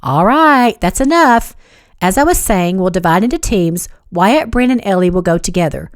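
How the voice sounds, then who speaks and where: A woman voicing an authoritative older father who speaks loudly and decisively in an audiobook. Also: lowish voice, lively intonation, a little fast, no room sound, studio quality. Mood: commanding. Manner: loud, commanding.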